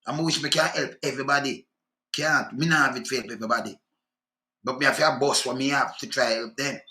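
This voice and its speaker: A man's voice: medium pitch, fairly even intonation, a little fast, sharp tone, echoey room. A Jamaican man in a heated, profane political rant, talking in patois and repeating himself. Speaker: commentator.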